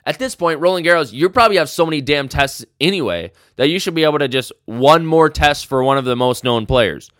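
A man hosts his own sports podcast and rants with real passion. His voice is smooth and clear, and the sound is close and dry. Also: on the high side, animated, brisk, hardly any pauses, fairly bright tone, dry recording. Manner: passionate, fired-up rant. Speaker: podcast host. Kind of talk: solo sports podcast rant.

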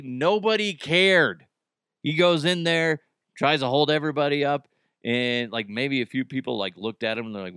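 A man's voice: mid-range voice, fairly bright tone, smooth, no echo, studio quality. Middle-aged guy riffing crude jokes on his podcast, bouncy up and down voice. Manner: rambling, crude, laughs at own jokes. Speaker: podcast host. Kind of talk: casual comedic monologue.

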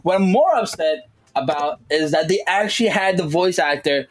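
A man co-hosting a casual podcast chat, animated and jumping into high voices when he quotes people. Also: normal speed, poor audio. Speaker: podcast co-host.

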